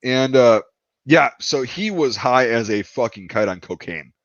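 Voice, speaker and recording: A man's voice: mid-range voice, lively intonation, normal speed, a bit bright, dry recording. A man casually telling a long, profane anecdote on a podcast. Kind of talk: casual storytelling. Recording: dull, dry lo-fi sound.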